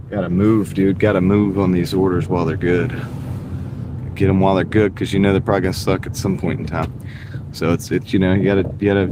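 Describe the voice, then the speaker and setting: Man, low voice, casual live-stream chatter from a moving car, rambling, restarts sentences, faint engine hum behind. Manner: rambling, restarts phrases, chats to viewers. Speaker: delivery driver live streamer. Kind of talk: casual live-stream chat while driving. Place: inside a car while driving. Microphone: wireless clip-on mic. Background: faint car noise.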